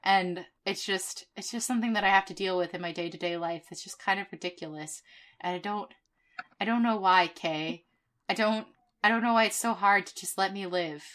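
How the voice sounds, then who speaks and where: Bright-voiced young woman ranting casually. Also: medium pitch, a little fast. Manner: heated, profane storytelling with frequent fillers. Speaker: podcast co-host. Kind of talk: casual chat.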